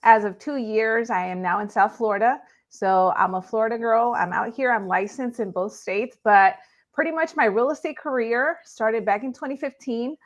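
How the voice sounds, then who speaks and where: An upbeat woman from Los Angeles talks as a guest on a live show. Her voice sits a bit high, and her delivery is chatty and friendly. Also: moderate pace, dull audio. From Los Angeles, California. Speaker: guest, real estate agent. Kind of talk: casual interview chat.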